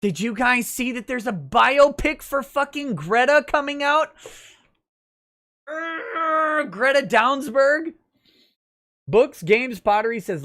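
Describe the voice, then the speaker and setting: A man's voice: very high voice, animated, unhurried, bright, forceful tone. A man hosting a casual livestream show, reading viewer messages aloud with crude jokes and frequent repeated words. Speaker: livestream talk show host.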